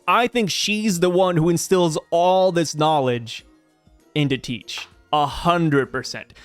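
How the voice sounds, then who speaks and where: A manga review channel host with a high voice that swings widely up and down delivers casual commentary on a comic. He's animated and jokey, thinking out loud as he goes, in a dry, close recording with no echo and faint background music.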